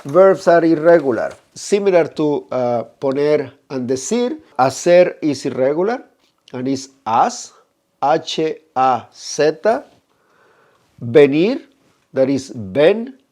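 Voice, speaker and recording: A man, teaching a grammar lesson and often checking in with "right?" while he slowly draws out the examples. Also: a little high, big pitch swings, dark tone. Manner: explanatory, frequent "right?" checks, slow drawn-out Spanish examples. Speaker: Spanish teacher.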